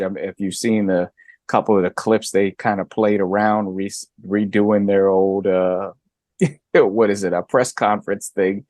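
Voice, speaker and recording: A middle-aged man and guest co-host chatting casually, animated, jumping high in pitch when he makes a point. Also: dry recording, studio quality. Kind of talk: casual chat.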